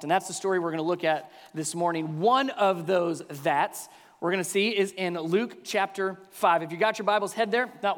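A middle-aged male pastor preaching a sermon in a church sanctuary, animated and acting out quoted voices. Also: high-pitched. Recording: long hall reverb.

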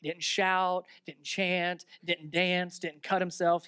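A man preaching a sermon, reading Bible verses aloud and retelling them with lively asides, switching from loud sarcasm to hushed reverence. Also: high-pitched, takes it slowly, hardly any pauses, smooth, dry recording, studio quality. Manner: talks aside to the listeners between verses.

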